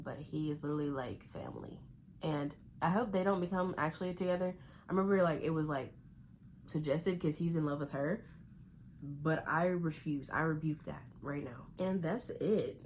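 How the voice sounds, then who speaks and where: A woman's voice: low-pitched, slight background noise. Chatty, opinionated young woman. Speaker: book vlogger. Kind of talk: casual reading vlog.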